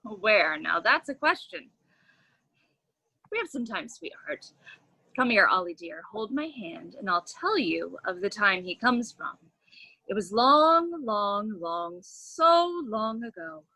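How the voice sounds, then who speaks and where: A woman playing a gentle old grandfather who talks soothingly to his grandchild, in an audio theater play. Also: medium pitch, sing-song, slow pace, no room sound, exaggerated voice, rough recording. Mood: storytelling. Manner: soothing, hushed storyteller tone.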